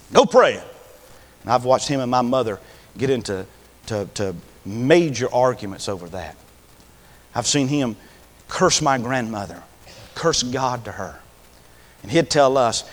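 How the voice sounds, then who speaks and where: A man, preaching and telling a story from his ministry, rising into impassioned pleading. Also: medium pitch. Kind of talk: sermon testimony.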